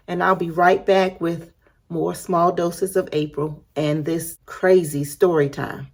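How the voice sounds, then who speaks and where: A woman's voice: low voice, fairly even intonation, unhurried. A woman hosting a reaction vlog, wrapping up in a chatty, upbeat way. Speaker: reaction channel host. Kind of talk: vlog outro.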